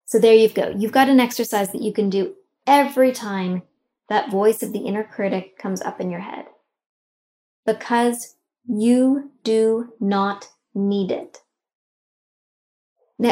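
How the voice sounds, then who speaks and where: A woman's voice: on the high side, warm tone. A middle-aged woman hosting and guiding a self-help exercise, coaching the listener directly with emphatic, encouraging instructions.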